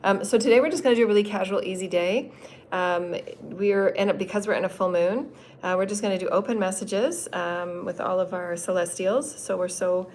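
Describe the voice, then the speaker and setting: A chatty woman in her fifties rambles through a casual channeling livestream from an indoor meeting room, her voice pitched right in the middle. She laughs often and drops the odd swear word as she drifts from topic to topic. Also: fairly quick, vocal fry, darkish tone, slight background noise. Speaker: spiritual channeler hosting a livestream.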